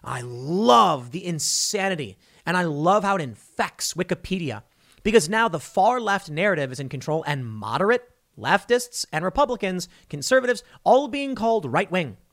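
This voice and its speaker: A male commentator with a fairly high-pitched voice, talking straight to his audience in a blunt, sarcastic monologue. He sounds scornful and unfiltered, firing off opinions without hedging. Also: big pitch swings, normal speed, a bit bright. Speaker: political commentator.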